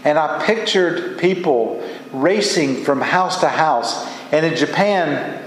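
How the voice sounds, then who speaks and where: A man preaches with earnest emphasis, his fairly high voice lifting as he presses a point. The sound is roomy and reverberant, like a church sanctuary heard from some distance, with a faint hiss beneath. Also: expressive, slow. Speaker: pastor. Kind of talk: sermon. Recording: echoey hall from far off.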